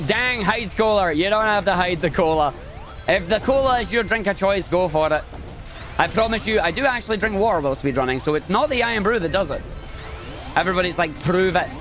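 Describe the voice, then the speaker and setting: A man giving chatty, excitable, jokey live commentary on his own speedrun. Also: sits high, fairly quick, faint music behind.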